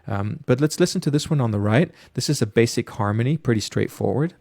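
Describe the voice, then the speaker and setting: A man, a music producer, casually talking through a studio mixing tutorial with many pauses and fillers. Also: medium pitch, expressive, creaky, a little mellow, no room sound. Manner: casual, hesitant, lots of fillers.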